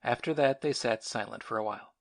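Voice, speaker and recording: A man narrating a novel as an audiobook in a measured, sombre manner. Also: mid-range voice, vocal fry. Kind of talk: scripted narration.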